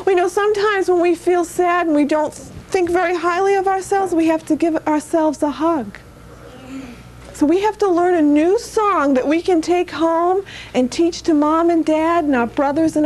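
A woman's voice: extremely high pitch, normal speed, a little mellow, a little hiss or hum. A woman reading a picture book aloud to young children in a television studio, in a patient sing-song manner that coaxes them to answer. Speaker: children's story reader.

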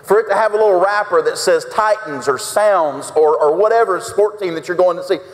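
Male pastor, high-pitched, folksy sermon, long church reverb. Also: brisk. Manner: folksy, acts out quotes with big pitch swings. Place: church sanctuary.

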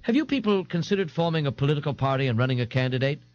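A man's voice: on the high side, animated, rapid-fire, a little mellow, pitched above the performer's own voice, natural voice. A man voicing a pompous, indignant and bloated male eccentric in an audiobook, haughty and scolding with grand pronouncements. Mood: urgent. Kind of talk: audiobook character voice. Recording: dull, dry 1989 tape recording.

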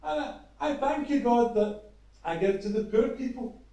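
A pompous religious man boasts in a raised, high voice about how good he is, as a man puts him on. The voice sits well above the speaker's own and comes from far off in a very echoey space. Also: moderate pace, warm tone. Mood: smug boasting. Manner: pompous, self-congratulating. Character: smug boastful male religious man praying aloud.

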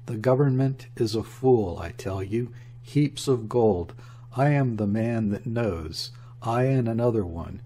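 A man's voice: medium pitch, expressive, measured pace, dark tone, slight background noise, lightly acted. A man voicing a drunk, rambling aging trader who mumbles and slurs.

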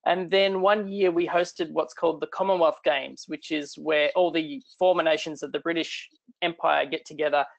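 Gravelly Australian man, chatty talk. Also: on the high side, fairly even intonation, normal speed, lo-fi sound. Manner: chatty, irreverent, self-deprecating. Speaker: guest speaker. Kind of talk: casual online talk.

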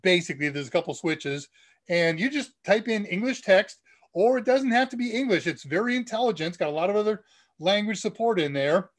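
Nasal midwest guy hosting a live q&a stream, kinda high voice, chatty and excited about tech stuff. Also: fairly quick. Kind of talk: casual live Q&A chat.

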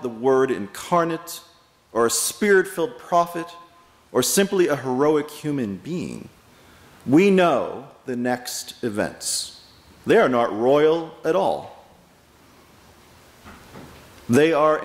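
A male pastor preaching a sermon, telling stories in a measured way with pauses and stressed words. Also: a little high, expressive. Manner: measured storytelling with pauses and emphasis. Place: church sanctuary. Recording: echoey hall with long reverb.

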